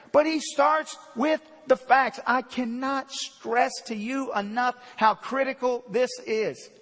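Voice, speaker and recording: High-voiced emphatic preacher in a reverberant church. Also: male voice. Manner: emphatic, repeats key words, swings between loud and quiet. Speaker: pastor. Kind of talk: sermon. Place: church sanctuary. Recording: long hall reverb.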